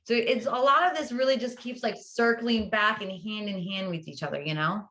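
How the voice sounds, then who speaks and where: A woman's voice: mid-range voice, moderate pace, pushed and bright. A woman guest in a casual interview, an upbeat educator explaining ideas and often adding "right?". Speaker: guest, public health educator.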